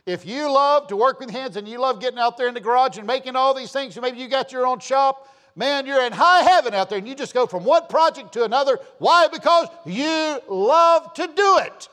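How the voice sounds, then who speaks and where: With an extremely high pitch and a fairly quick pace, an older man preaches as pastor. He's forceful, calling out for amens, his voice falling from loud bursts to near-whispers.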